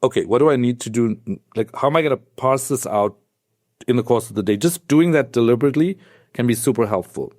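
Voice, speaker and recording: A man, a psychiatrist guest on a podcast, who talks in an animated, conversational way and explains things step by step like a teacher. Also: mid-range voice, a little fast, no echo, studio quality. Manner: animated storyteller, acts out quoted voices.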